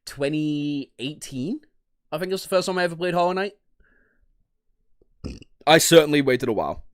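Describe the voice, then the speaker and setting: A man from the North of England with a Northern English accent, casually chatting on a livestream. He swears freely, laughs often and jumps into high-pitched outbursts. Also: expressive, normal speed, no room sound, studio quality. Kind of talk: casual livestream chat, reading and reacting to chat.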